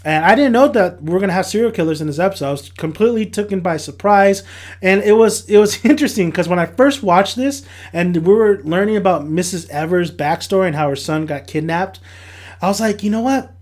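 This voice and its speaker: High-voiced chatty young man reviewing. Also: a little fast. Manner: chatty, rambling, self-correcting. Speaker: TV review vlogger. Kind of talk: casual spoken review.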